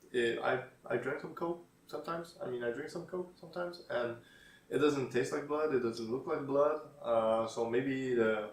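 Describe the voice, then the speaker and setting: A man casually commenting on tweets in a hesitant way, with lots of fillers and dry sarcastic asides. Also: medium pitch. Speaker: YouTuber reading tweets. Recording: roomy echo, distant mic.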